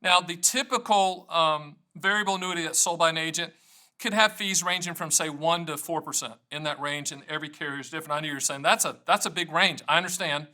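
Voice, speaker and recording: A man's voice: a little high, fairly quick, bright, forceful tone. A middle-aged American man hosting a solo video, playful and self-mocking, switching between jokes and explanation. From United States. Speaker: annuity agent and show host. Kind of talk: energetic solo video monologue to camera.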